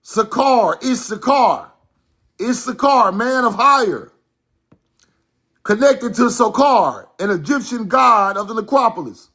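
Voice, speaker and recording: Slow, emphatic man lecturing over slides. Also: extremely high pitch, expressive, pushed and bright. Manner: emphatic, repeats points, directs slides.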